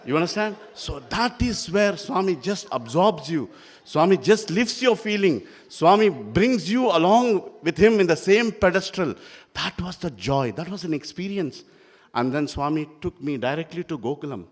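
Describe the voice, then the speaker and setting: A man's voice: on the high side, moderate pace. Older man telling stories in an echoing hall. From India. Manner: animated storyteller, acts out dialogue. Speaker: spiritual speaker. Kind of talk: devotional talk with personal storytelling. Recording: long hall reverb.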